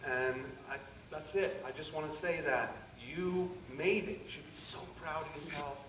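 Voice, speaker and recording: Man, goalkeeper coach, heartfelt off-the-cuff ceremony speech, mid-pitch, echoey and distant. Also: steady tone, moderate pace. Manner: heartfelt, rambling, addresses her directly. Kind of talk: emotional unscripted speech. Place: school signing ceremony hall. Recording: echoey room, distant mic, audible noise.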